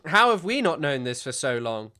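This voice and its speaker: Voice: medium pitch, sing-song, moderate pace, bright, forceful tone, smooth. A co-host reacting to news in an outraged, stammering way, often breaking into laughter. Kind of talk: casual reaction commentary.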